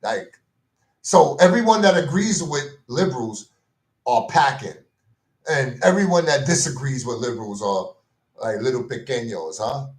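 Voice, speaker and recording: In an echoey room, a man vents in a casual rant as a commentary vlogger. His medium-pitched voice is expressive and a little slow, full of slang, repetition, and throwaway "man" and "bro."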